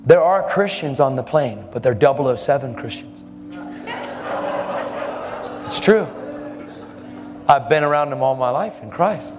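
A man's voice: medium pitch, lively intonation, a little slow, pauses often, background noise. A man preaching a sermon, telling a testimony story in a fervent, emphatic way. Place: church service hall. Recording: reverberant hall.

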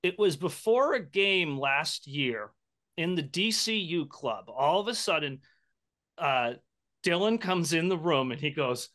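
A man co-hosting a podcast with a bright, forward voice, pitched a bit high. He talks casually and laughs easily while telling stories. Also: expressive, a little slow. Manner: laughing storyteller. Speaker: podcast co-host. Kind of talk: casual chat.

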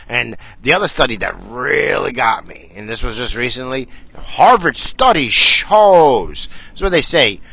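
A man's voice: medium pitch, creaky, pushed and bright. A man hosting a podcast, delivering an angry, swear-filled solo rant that rambles with restarts. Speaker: podcast host.

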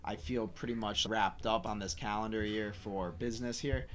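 A man's voice: lowish voice, fairly even intonation, moderate pace, a bit bright, a little hiss or hum. A man co-hosting a podcast, reflective and upbeat, swearing freely in casual chat. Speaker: podcast co-host.

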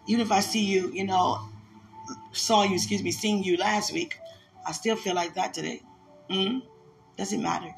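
A woman's voice: lowish voice, vocal fry. A woman giving a heartfelt, emotional religious message, repeating herself and laughing often.

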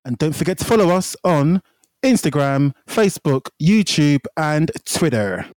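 A man's voice: on the high side, expressive, darkish tone, dry recording. Enthusiastic man, dry close sound. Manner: enthusiastic, quick, repeats himself. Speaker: podcast co-host. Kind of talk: casual chat.

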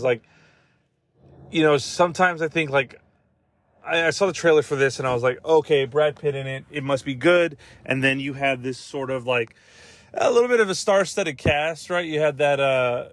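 Rambling, swearing podcast host, dry sound. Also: male voice, medium pitch, fairly bright tone, no echo. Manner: rambling, profane, full of fillers and asides. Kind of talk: casual movie-review chat.

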